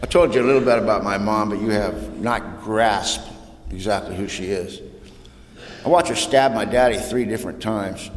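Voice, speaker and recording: Speaking at normal speed from a recovery meeting podium, a man from Southern California shares his testimony with humor and casual slang with a southern tinge, "ain't" and "y'all" included. He goes soft and low when the story turns painful, and the hall is echoey with a faint hum of room noise before the audience.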